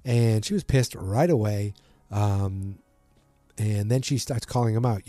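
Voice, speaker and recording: Low, mellow man recapping a show. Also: measured pace, no room sound. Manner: rambling, lots of ums and restarts, retells scenes by acting out quotes. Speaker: podcast host recapping a TV episode. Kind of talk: casual recap chat.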